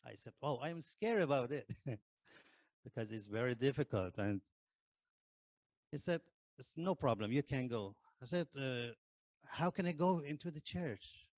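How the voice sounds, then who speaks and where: A man who is not a native English speaker, telling his conversion testimony in hesitant English full of pauses and fillers. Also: medium pitch, expressive, a little mellow, dry recording. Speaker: ex-Muslim convert giving testimony. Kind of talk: personal testimony.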